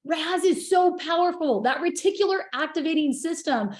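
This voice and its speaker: Woman, high voice, gushing and passionate, video call in an echoey room. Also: normal speed. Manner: gushing, passionate, wells up with emotion. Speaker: guest on a group video call. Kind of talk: emotional casual sharing.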